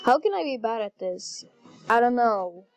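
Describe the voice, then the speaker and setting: A woman chatting casually while playing a video game, excitable and easily flustered. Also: fairly high pitch, moderate pace. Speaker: gaming channel host. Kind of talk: casual gameplay commentary. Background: faint game music.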